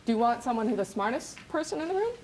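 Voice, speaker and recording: A woman business coach giving an energetic, rambling workshop lecture with many restarts. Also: on the high side, fast, slight background noise, poor audio.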